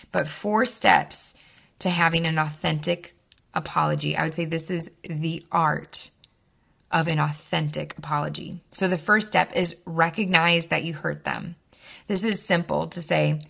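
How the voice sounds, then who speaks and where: A young woman hosting an advice podcast, explaining steps in a calm, instructive way and repeating key points slowly. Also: low-pitched, gravelly. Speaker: podcast host.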